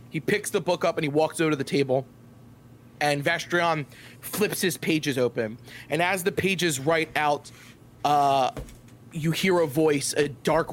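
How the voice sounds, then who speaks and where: A man's voice: a little high, a bit bright, a little hiss or hum. A man narrating as game master of a tabletop game over a voice call, upbeat and playful with loose narration.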